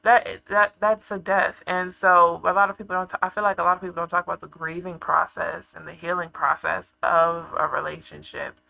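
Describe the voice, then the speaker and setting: A young woman vlogging in a casual confessional chat, telling her story with animated flair, laughing often and acting out her past self. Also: fairly low pitch, brisk, vocal fry, few pauses, poor audio.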